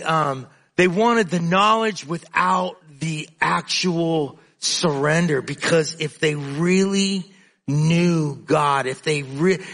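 Slow, forceful male preacher. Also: on the high side. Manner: earnest, emphatic, repeats words while building points. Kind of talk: sermon.

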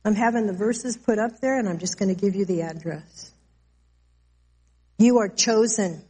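A woman's voice: mid-range voice, dark tone, slightly rough. Earnest woman preaching a sermon. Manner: earnest, slow and emphatic when declaring scripture.

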